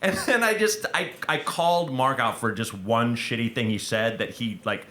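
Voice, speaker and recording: A man hosting a live podcast onstage, rambling and stumbling over his words, quick to laugh. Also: mid-range voice, expressive, sharp tone, reverberant. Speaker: podcast host. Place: stage at a comedy festival.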